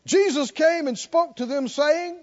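High-voiced man preaching with rising fervor. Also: muffled recording. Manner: call-and-response preaching, rising to near shouts. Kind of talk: sermon.

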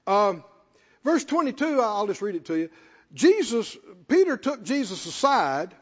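High-voiced, lively preaching man. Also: a little slow, husky. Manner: emphatic, repeats phrases for stress, asks the congregation questions. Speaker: pastor. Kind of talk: sermon. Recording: dull lo-fi sound with long hall reverb.

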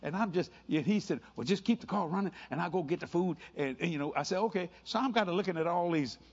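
An older man preaching a sermon, animated and playful, telling stories with quick voices and laughter. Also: sits high. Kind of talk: sermon mixed with storytelling. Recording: dull lo-fi sound.

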